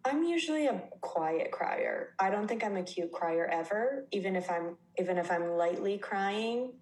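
A young woman co-hosting a casual chat, giving quick, matter-of-fact advice. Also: mid-range voice, lively intonation, darkish tone. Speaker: podcast co-host. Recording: echoey room.

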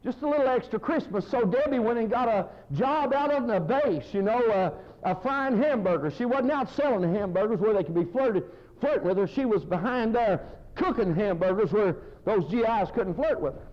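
Man, fiery folksy preacher, high-pitched, muffled lo-fi recording. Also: animated, normal speed, hardly any pauses. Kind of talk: sermon.

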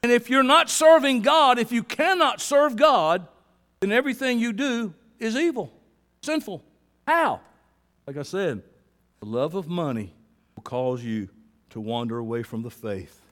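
A man preaching a sermon as pastor, folksy and impassioned, rising to loud fervent peaks and dropping to quiet intensity. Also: high voice, animated, moderate pace, big-room sound. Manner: folksy colloquial speech with rhetorical questions to the congregation.

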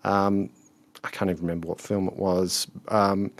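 A man's voice: low voice, level tone, moderate pace, dry recording. A man telling a story in a casual podcast chat, rambling and hesitant. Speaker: podcast co-host.

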